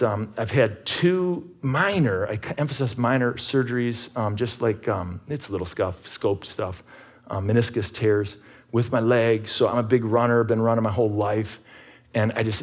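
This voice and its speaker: A middle-aged man preaching a sermon as pastor, husky-voiced, telling stories and rising to emphatic peaks. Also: medium pitch. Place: church sanctuary.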